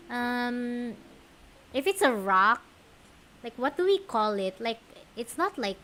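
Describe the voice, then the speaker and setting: A woman's voice: a little high, expressive, slow, bright, forceful tone. Giggly young woman with a Malaysian accent. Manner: giggly, rambling, chatty. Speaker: streamer. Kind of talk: casual chat stream.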